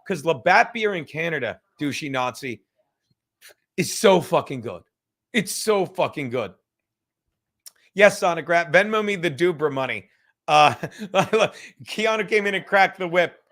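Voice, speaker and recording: A fifties-aged man hosts a casual home livestream, his somewhat bright voice high for a man, with lively intonation at a moderate pace. Drinking as he goes, he rambles, swears freely, laughs between thoughts, and occasionally whispers.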